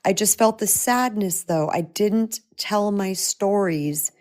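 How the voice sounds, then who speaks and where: A woman's voice: mid-range voice, slow pace, a little mellow. A middle-aged woman, a spiritual empowerment coach, speaking in a heartfelt, personal way to viewers of a live-streamed talk, with frequent restarts.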